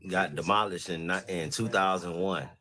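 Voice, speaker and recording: A man in a casual group chat, speaking loudly and arguing his point with emphasis. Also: deep voice, normal speed. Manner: loud, argumentative, emphatic.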